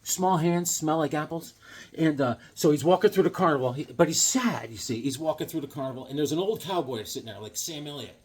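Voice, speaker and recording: A man's voice: a little high, a little fast, husky. A man chatting casually about his comic books, rambling and enthusiastic with jokes. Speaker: comic book vlogger. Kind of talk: casual comic collection chat.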